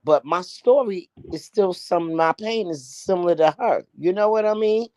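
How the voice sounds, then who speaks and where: A woman in her sixties from the Bronx with a New York accent and a deep, raspy voice, chatting animatedly as a guest on a live show. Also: normal speed, no echo, poor audio. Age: 60s. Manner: animated, talkative, laughs often. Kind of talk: casual live chat.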